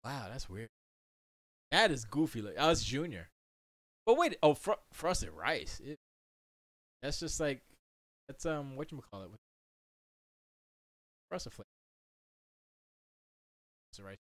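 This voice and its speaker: A man's voice: mid-range voice, very animated, slow pace, pauses often, fairly bright tone, no echo. A man hosting a casual livestream from his home studio, joking and riffing and slipping into silly quoted voices. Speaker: livestream host.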